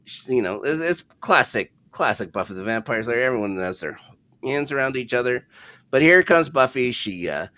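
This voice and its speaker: A man's voice: mid-range voice, very animated, moderate pace, sharp tone, no room sound, highs cut off. A man co-hosting a podcast, casually recapping a TV episode in a laid-back, rambling way with a chuckle now and then. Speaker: podcast co-host.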